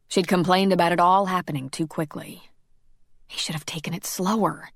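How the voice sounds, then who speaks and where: Female audiobook narrator, steady storytelling, slightly low voice. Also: moderate pace, no room sound, studio quality. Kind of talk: scripted narration.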